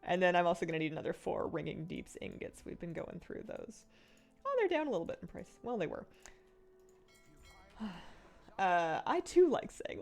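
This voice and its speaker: A woman's voice: on the low side, sing-song, moderate pace, vocal fry, long pauses, a little mellow. A young woman streaming a game, chatting casually in a rambling way and laughing often. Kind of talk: casual chat while gaming.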